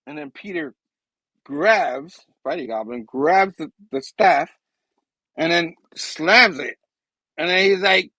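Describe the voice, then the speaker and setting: Gravelly, animated male show host. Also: sits high, measured pace, no room sound, low-quality recording. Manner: animated, rambling, chuckles often. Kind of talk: animated comic book recap.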